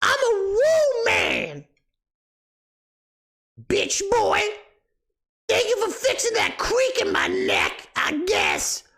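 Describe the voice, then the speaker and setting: A man voicing a sassy, shrill woman with a sharp tongue, brash and mocking. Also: huge pitch swings, extremely slow, pauses often, heavily acted.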